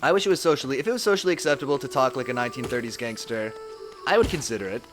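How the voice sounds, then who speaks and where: Lively, joking young man streaming. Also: mid-range voice, racing, faint music behind. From Southern California. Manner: joking, chatty, laughs often. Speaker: game streamer. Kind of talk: casual live-stream chat while gaming.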